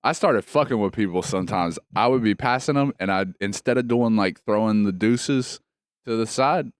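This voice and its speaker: A low, smooth male voice, swearing freely as he spins animated stories in relaxed podcast chat. The sound is close and dry. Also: normal speed, no echo. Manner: profane, animated storytelling. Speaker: podcast co-host. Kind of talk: casual chat.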